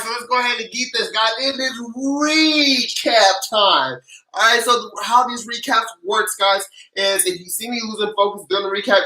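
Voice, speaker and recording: An energetic livestream host who recaps tax and stimulus news, greets viewers by name and leads playful chants and countdowns in casual slang. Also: mid-range voice, echoey room, low-quality recording.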